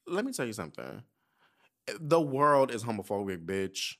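A man in his thirties hosting a podcast, telling stories in a casual, profane, animated way and acting out the people he quotes. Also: medium pitch, normal speed. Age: 30s. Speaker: podcast host. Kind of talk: casual chat.

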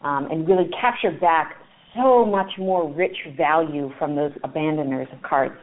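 A woman's voice: low voice, moderate pace. A woman guest on a radio interview explaining marketing tools, talking with frequent fillers and restarts. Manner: hesitant, many fillers and restarts, enthusiastic. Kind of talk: interview answers. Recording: phone-like narrow sound.

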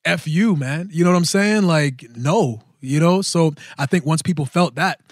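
Male podcast host in his thirties, lively raconteur who acts out quotes, slightly raised pitch, dry studio sound. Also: moderate pace, no echo. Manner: animated, acts out quoted voices. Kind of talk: casual storytelling chat.

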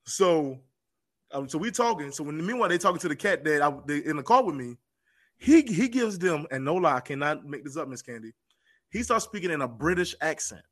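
A man telling a story as a podcast guest, animated, and repeating phrases for emphasis. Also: on the high side, a little fast. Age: adult with children. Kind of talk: casual storytelling.

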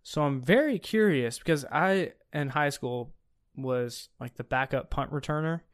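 A man's voice: on the high side, unhurried. Chatty young man talking college football. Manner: chatty, enthusiastic, with many fillers. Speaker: podcast co-host. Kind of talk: casual sports chat.

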